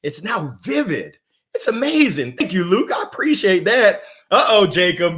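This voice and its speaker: A man with a high, somewhat bright voice hosts a live motivational stream, reading comments and greeting viewers by name. He takes his time yet swings his pitch widely, bursting with exuberant energy and laughing often.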